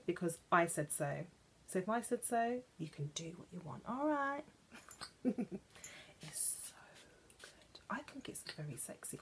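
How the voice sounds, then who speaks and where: A woman from England chatting playfully about perfumes, gushing and now and then dropping into soft whispers. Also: lowish voice, husky. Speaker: perfume vlogger. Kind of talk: chatty vlog.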